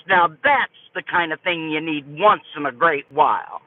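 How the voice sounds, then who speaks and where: An older woman streaming live, telling a story to her chat in an animated, folksy way. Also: deep voice, normal speed, no echo. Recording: tinny phone-like dry audio.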